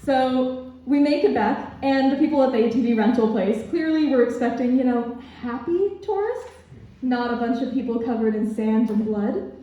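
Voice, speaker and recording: A young woman performing a stand-up comedy set at a student club, laughing at her own jokes and filling pauses with ums. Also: a little high, warm tone. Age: young adult. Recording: echoey, distant, dull room recording.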